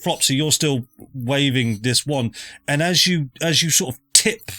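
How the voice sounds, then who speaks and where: A man's voice: mid-range voice, unhurried, bright, forceful tone, dry recording. A man narrating a tabletop game as dungeon master, with lots of fillers and hesitations.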